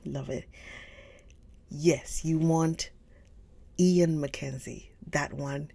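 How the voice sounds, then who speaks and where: A woman hosting a live book stream, chatting casually with viewers, gushing and often slipping into a soft whisper. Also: low-pitched, fairly even intonation, drawn-out words, creaky. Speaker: livestream book reader host.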